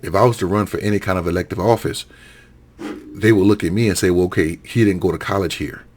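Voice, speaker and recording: A man's voice: low voice, fairly even intonation, fast, a little mellow. A middle-aged man from Alabama giving a heated solo rant, often repeating and correcting himself. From Alabama, USA. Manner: heated, repetitive, self-correcting. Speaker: political commentator.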